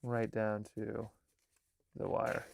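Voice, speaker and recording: A man, an artist and filmmaker, chatting casually in a vlog, halting and restarting his sentences and often dropping to a murmur. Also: on the low side, completely flat delivery, gravelly. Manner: halting, with many restarts and fillers.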